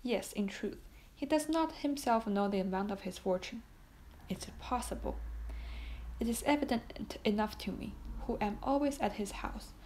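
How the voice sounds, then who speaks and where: A woman's voice: a little high, lively intonation, moderate pace, a little mellow. A woman reading a classic novel aloud as audiobook narration, voicing the dialogue in much the same voice, with small slips. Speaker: audiobook reader.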